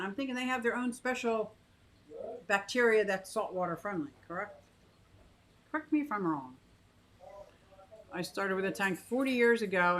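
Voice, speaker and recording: A woman's voice: fairly bright tone, rough recording. A woman in her fifties talking casually about her fish tanks, thinking aloud with many restarts and asides. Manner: coos in a high sing-song to her pet bird. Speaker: aquarium vlogger. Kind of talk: casual chat to camera and live chat.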